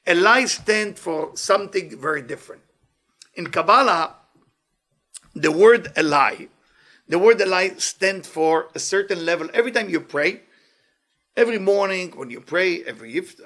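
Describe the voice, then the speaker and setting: A man gives a weekly Kabbalah lesson in a high, bright, sharp voice. He speaks full of Hebrew phrases. He keeps asking and repeating questions with animated energy. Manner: mixes Hebrew phrases into English. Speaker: Kabbalah teacher.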